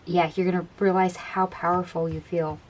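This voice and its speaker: Low-voiced woman reading tarot cards. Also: little pitch movement, normal speed. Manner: chatty and dreamy, musing aloud over the cards. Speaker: tarot reader. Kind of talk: casual tarot card reading.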